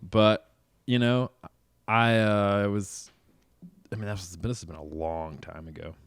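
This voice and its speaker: Young guy rambling on a podcast, low voice, chuckles as he goes. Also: steady tone, unhurried, creaky, clean tone, no echo. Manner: rambling storyteller with restarts and chuckles. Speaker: podcast co-host. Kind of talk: casual chat.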